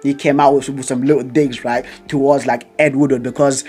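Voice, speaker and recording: A man's voice: a little high, fairly quick, hardly any pauses, soft background music. Rambling, stuttering young man vlogger. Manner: rambling and stuttering with giggles and tangents; slangy, calls viewers bro and fam. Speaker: football vlogger. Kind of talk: casual chat to camera.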